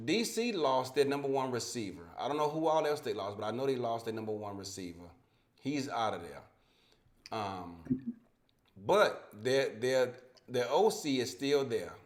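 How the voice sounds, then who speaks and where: A man hosting a casual sports podcast over a home mic that cuts out, talking in a profane, heated, rambling way with many restarts. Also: medium pitch. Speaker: podcast host. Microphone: home microphone with dropouts.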